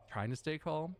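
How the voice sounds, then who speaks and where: Streamer man, slightly high voice, animated ranting storyteller, heavy swearing. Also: gravelly. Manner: animated, swears a lot, acts out both sides of the story. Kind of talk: casual storytelling rant.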